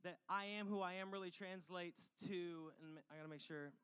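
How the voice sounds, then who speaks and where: A man's voice: high voice, fairly even intonation, normal speed, fairly bright tone, clear, resonant tone. A male pastor giving a sermon, reading scripture and explaining it in a conversational way, with jokey asides and questions to his listeners.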